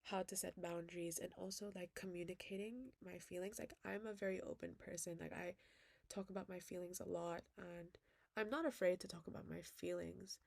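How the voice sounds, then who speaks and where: Woman vlogger, video diary, rambling and reflective, gravelly fry, dry close sound. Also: on the low side, fairly even intonation, brisk, dry recording. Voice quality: emotional, soft-spoken. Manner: rambling, reflective, many "like" fillers. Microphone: built-in computer webcam mic.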